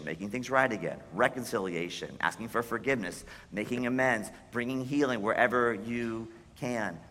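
A man's voice: on the high side, bright, forceful tone, long reverb tail. A man preaching a sermon as pastor, in an earnest, conversational way, acting out the quoted dialogue.

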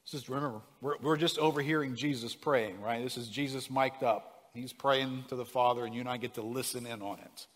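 A man's voice: mid-range voice, fairly even intonation, fairly quick, few pauses, in a large hall. A man preaching a sermon, leaning hard on single words and putting questions to the congregation. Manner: emphatic, stresses single words, asks the room questions. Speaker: pastor.

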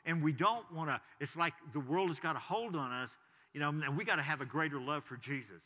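A man's voice: on the high side, brisk, pushed and bright, big-room sound. A man preaching a sermon as pastor, talking conversationally with frequent asides to the congregation.

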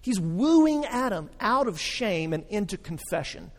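A pastor preaching a sermon, animated and acting out the voices he quotes. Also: high voice, measured pace. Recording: reverberant hall.

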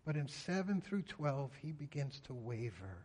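A man's voice: medium pitch, big pitch swings, normal speed, darkish tone, husky. A man preaching a sermon in an earnest way, often voicing a psalmist's pleas in prayer. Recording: reverberant hall.

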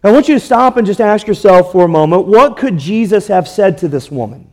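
A man's voice: sits high, lively intonation, fairly quick. A man preaching a sermon, earnest, asking rhetorical questions and drawing out key words for emphasis. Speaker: pastor.

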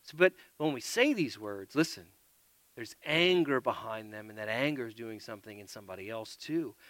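A man preaching a sermon, earnest, moving between loud emphasis and soft quiet asides. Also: lowish voice, lively intonation, normal speed, no room sound.

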